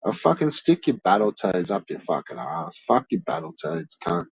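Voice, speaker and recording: A man's voice: low-pitched, sing-song, moderate pace, vocal fry, slightly rough, no echo, low-quality recording. A man streaming and ranting to his chat in a blunt, profane, swear-filled way. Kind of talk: casual rant to chat.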